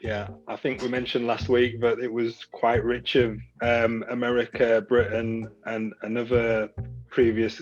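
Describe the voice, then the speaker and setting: A man moderates an online Q&A session over a video call, measured and hesitant with fillers. His mid-pitched voice comes through dull and lo-fi, with the top end of the sound muffled. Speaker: session host.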